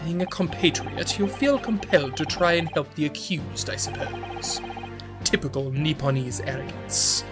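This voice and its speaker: A man voicing a cold, aristocratic male prosecutor in a put-on British accent, slow and disdainful, over game music. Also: fairly high pitch, lively intonation, close to an everyday voice. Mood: contemptuous.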